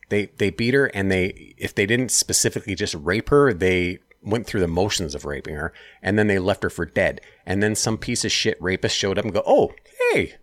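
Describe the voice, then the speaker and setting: Deep-voiced man ranting heatedly. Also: a bit bright, dry recording. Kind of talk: casual chat.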